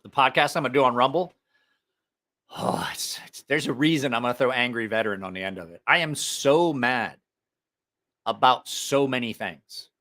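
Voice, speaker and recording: A man's voice: mid-range voice, moderate pace, bright, forceful tone. A man hosting a knife channel, delivering a heated, profane opinion rant to the camera. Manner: angry, profane ranting.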